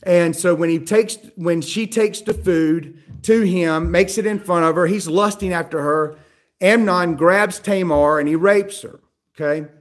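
A man's voice: high-pitched, measured pace. A man preaching a sermon, retelling a Bible story in a conversational way and checking in with his listeners as he goes.

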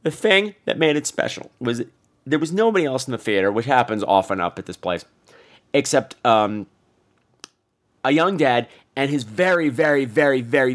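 A man hosting a podcast, telling a story in an animated, profane way in a casual monologue. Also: medium pitch. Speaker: podcast host.

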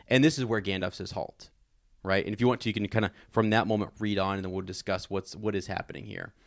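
A man co-hosting a podcast, chatting about a book and reading passages aloud slowly and dramatically, laughing easily. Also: lowish voice, fairly even intonation, vocal fry, no room sound, clean studio sound. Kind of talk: casual book discussion with read-aloud passages.

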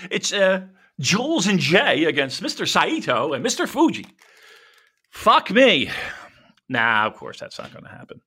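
A man's voice: sits high, measured pace, breathy edge. A man co-hosting a casual podcast, rambling and swearing freely as he talks wrestling. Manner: profane, rambling, animated. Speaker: podcast co-host.

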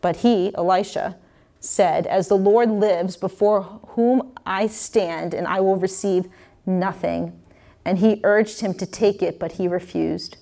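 A woman's voice: mid-range voice, fairly even intonation, slow, creaky, warm tone. A woman preacher reading a scripture passage aloud and explaining it in a casual, conversational way with frequent restarts.

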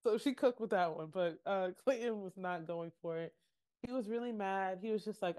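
A woman's voice: medium pitch, moderate pace. A young adult woman co-hosting a podcast, recapping a show in casual chat and acting out quotes with laughter. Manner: animated, acts out quotes with laughter. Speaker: podcast co-host.

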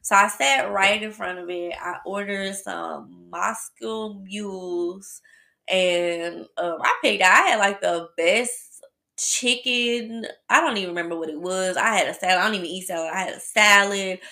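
A woman hosting a podcast, telling a personal story in a chatty, animated way and talking straight to her listeners. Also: mid-range voice, a little slow, creaky. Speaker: podcast host. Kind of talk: casual storytelling.

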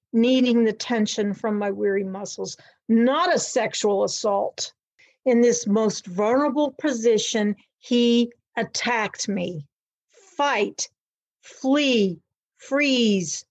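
Slow, dramatic woman telling her story. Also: a little high, a little mellow. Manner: slow, dramatic, emphatic delivery with repetition. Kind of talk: spoken-word personal story.

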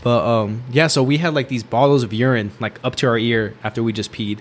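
A young man with a voice at a middling pitch tells a long story in a loose, casual way. He piles up fillers and restarts and breaks into laughter as he goes. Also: steady tone, fairly quick, slight background noise. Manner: rambling, filler-heavy, laughs while telling.

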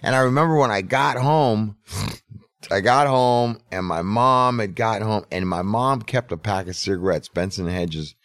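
A man's voice: fairly low pitch, normal speed, fairly bright tone, no room sound. A middle-aged man telling a story in casual podcast chat, laid-back and profane. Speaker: podcast host.

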